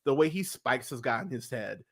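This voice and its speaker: A man hosting a casual podcast review chat, excitable and quick to swear, acting out lines as he retells scenes. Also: medium pitch, noisy background. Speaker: podcast host.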